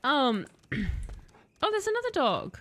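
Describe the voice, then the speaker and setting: Bright high-voiced woman streamer. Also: wildly swooping pitch, takes it slowly. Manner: chatty, sarcastic, talks to the game character and chat. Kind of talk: casual let's-play commentary.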